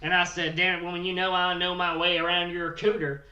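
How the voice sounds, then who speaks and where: A man's voice: high-pitched, flat delivery, a little fast, sharp tone, reverberant, distant mic, lo-fi sound. A man voicing a crude, boastful redneck who lives in his truck, rambling on.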